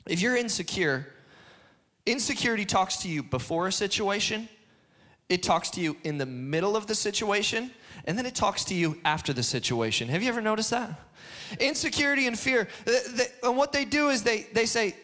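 A man preaching a sermon, lively and repetitive, acting out the voice of fear in his head. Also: sits high, brisk. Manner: animated, acts out an inner voice, repeats phrases.

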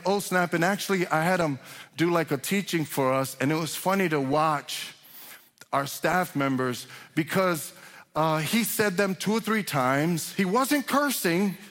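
Pastor preaching in a reverberant hall. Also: male voice, a little high, a bit bright. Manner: conversational preaching with restarts, rising to emphatic. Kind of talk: sermon. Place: church sanctuary.

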